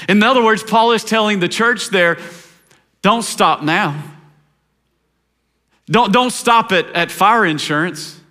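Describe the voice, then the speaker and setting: A pastor from Tennessee preaching a sermon, swinging from emphatic, rising exhortation to soft, low stretches. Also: male voice, slow pace, pauses often.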